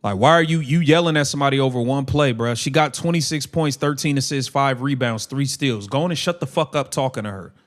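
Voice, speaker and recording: A man's voice: medium pitch, brisk, few pauses. A man hosting a casual live watch-along stream, calling the plays and ranting in heated slang.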